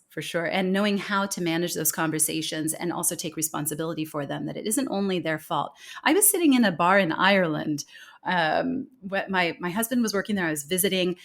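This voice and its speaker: A woman, a communication consultant, earnestly explaining her views as a guest in an interview conversation. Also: on the low side. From United States. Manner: earnest, explanatory, acts out quoted speech.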